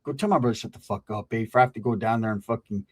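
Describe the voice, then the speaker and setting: A man voicing his short-tempered grown cousin, muttering low and swearing. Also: rapid-fire, natural voice. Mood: irritated.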